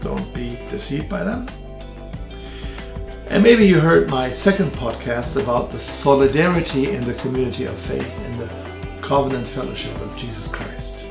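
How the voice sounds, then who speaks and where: A middle-aged German man with a German accent, giving an earnest podcast teaching talk slowly and deliberately. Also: medium pitch, lively intonation, vocal fry, roomy sound, music in the background. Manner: earnest, slow and deliberate with many fillers. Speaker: theologian and evangelist.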